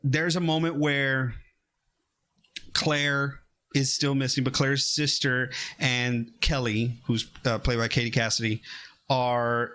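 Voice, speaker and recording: A man co-hosting a podcast, retelling a film in a rambling, animated way with fillers and some swearing. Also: mid-range voice, slow. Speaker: podcast co-host. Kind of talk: casual film review chat.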